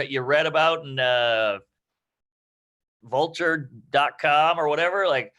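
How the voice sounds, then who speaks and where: A man's voice: on the high side, a little slow, sharp tone. A man chatting loosely about writing jokes, rambling and swearing, acting out little quoted voices as he goes. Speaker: comedy teacher. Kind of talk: casual comedy-writing chat.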